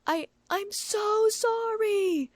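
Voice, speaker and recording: A woman's voice: a little high, normal speed, darkish tone, no room sound. Woman doing a timid, stammering young man. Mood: nervous. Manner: nervous, stammering. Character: timid apologetic young man, easily flustered.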